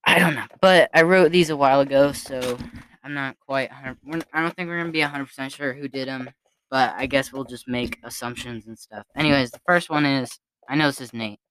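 A man's voice: medium pitch, brisk, fairly bright tone, slight background noise. A young man co-hosting a podcast in casual chat, teasing his brother with jokey banter. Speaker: podcast co-host.

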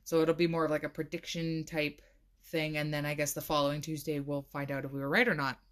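A woman's voice: sits low, flat delivery, fast talker, fairly bright tone. A woman hosting a casual solo podcast, chatty and full of "like," laughing now and then. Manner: chatty, says "like" a lot, laughs often. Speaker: podcast host.

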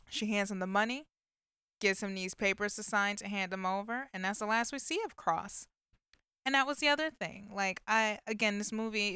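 A woman's voice: mid-range voice, sharp tone, clean tone, no echo, clean studio sound. A woman in a casual chat, retelling a story with plenty of fillers and asides. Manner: chatty storytelling with many fillers. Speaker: vlogger recapping a movie.

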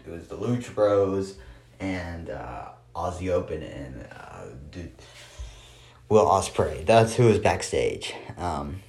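A man with a very low voice talks through a wrestling show on his own. His recap is casual and dry, with sarcastic asides and plenty of filler words. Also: sing-song, slow, darkish tone.

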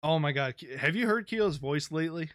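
A man hosts a podcast in loose, profane banter, his voice sitting a little high for a man. The recording is dry and close. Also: expressive, brisk, a bit bright, dry recording. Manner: laid-back, profane banter. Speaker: podcast host. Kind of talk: casual chat.

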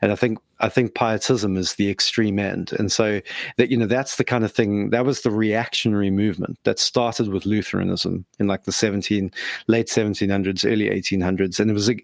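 A man's voice: on the low side, steady tone, fairly quick, gravelly, no echo. A man in a casual theological discussion, explaining terms thoughtfully and often restarting his sentences.

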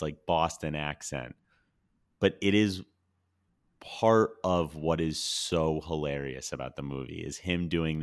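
Very deep-voiced man reviewing films. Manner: enthusiastic, rambling, self-correcting. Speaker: podcast host. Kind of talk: casual movie review chat.

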